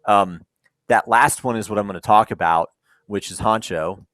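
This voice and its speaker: A man's voice: lowish voice, moderate pace, a bit bright, no echo. A man speaking on a panel, telling the story of a startup in a conversational way, with frequent ums, and acting out the people in it.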